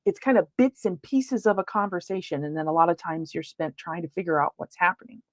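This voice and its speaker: A woman's voice: on the low side, lively intonation, brisk, no room sound. A woman paranormal investigator giving an informal virtual lecture, talking conversationally with many fillers and restarts. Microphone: computer mic on a video call.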